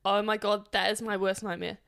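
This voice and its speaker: A woman's voice: medium pitch, level tone, brisk, gravelly, a bit bright. A woman from New Zealand in her late twenties or early thirties, co-hosting a podcast in a chatty, giggly way and often trailing off mid-sentence. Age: late 20s to early 30s. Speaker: podcast co-host. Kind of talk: casual chat.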